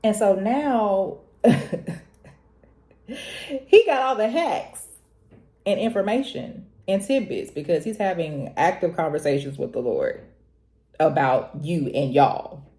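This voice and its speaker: Young woman, low warm voice, animated confessional vlog talk. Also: measured pace. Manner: animated, preachy, laughs often, jumps high when quoting herself. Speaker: vlogger. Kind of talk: casual confessional talk to camera.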